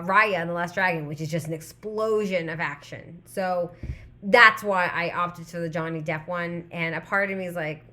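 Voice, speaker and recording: A woman in her thirties hosts a live stream, chatting casually in a rambling way and reading viewers' comments aloud. Her voice sits fairly low, with a bright, forceful tone.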